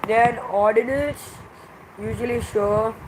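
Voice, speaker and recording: A teacher giving a grammar revision lesson, explaining slowly and in measured steps with many pauses. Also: mid-range voice, fairly even intonation, background noise.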